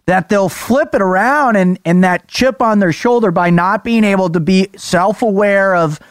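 A man's voice: high voice, clear, resonant tone, no echo, clean studio sound. A man hosting a conversation, asking probing questions and reflecting on what he hears. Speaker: podcast host. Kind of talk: interview conversation.

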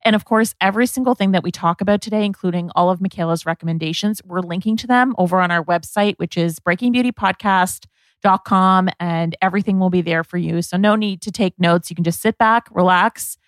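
A woman's voice: lowish voice, brisk, no echo. A woman co-hosting a beauty podcast, introducing the episode and reading a sponsor ad in an upbeat, conversational way. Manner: upbeat, conversational, sometimes says "like". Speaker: podcast co-host. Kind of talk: podcast intro and host-read ad.

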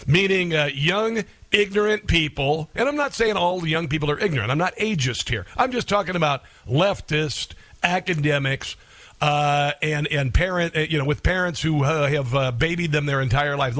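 A man's voice: fairly high pitch, expressive, moderate pace, fairly bright tone, dry recording. A man hosting a talk radio show, delivering an emphatic, mocking monologue and laughing often. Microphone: studio microphone.

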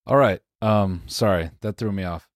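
A young man co-hosting a podcast, teasing deadpan and laughing often in casual banter. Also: low voice, moderate pace, dry recording, studio quality. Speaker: podcast co-host.

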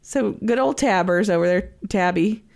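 A woman podcast co-host in casual chat, giving quick joking reactions. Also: medium pitch, creaky, a little mellow.

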